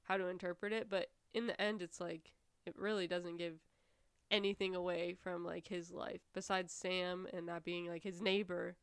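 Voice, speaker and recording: A young woman in casual podcast chat, talking in a relaxed way and hedging her thoughts. Her low voice is smooth and clear with a creaky fry, recorded close and dry. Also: moderate pace, no room sound. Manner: laid-back, many "like" and "I don't know" fillers. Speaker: podcast co-host. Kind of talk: casual true-crime chat.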